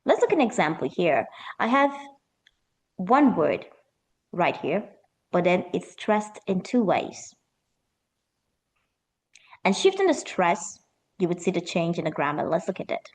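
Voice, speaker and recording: Animated woman teaching pronunciation. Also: on the low side. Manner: animated, stretching words out slowly for emphasis. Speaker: accent coach. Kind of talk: teaching an online pronunciation lesson.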